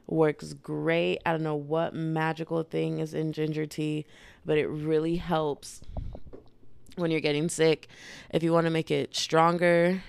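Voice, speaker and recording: A woman's voice: deep voice, little pitch movement, unhurried, vocal fry, smooth. A woman hosting her own podcast, chatting in a playful, rambling way while congested from a cold. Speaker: podcast host. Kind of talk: casual solo podcast chat.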